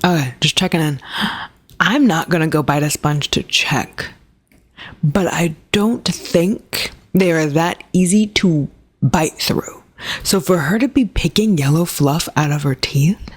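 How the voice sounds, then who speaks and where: Low, husky woman ranting about books. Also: unhurried. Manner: chatty, sarcastic asides. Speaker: book reviewer. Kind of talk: casual book review rant.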